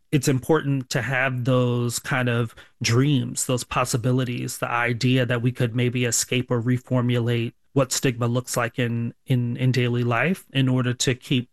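A man from the US answering interview questions as a sociology professor, thoughtful and measured, sometimes restarting phrases. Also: mid-range voice, no room sound, clean studio sound.

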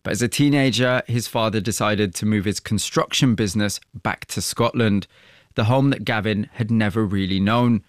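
A man presenting a radio program, mixing scripted narration with measured, empathetic interview questions. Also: on the low side, no room sound, clean studio sound.

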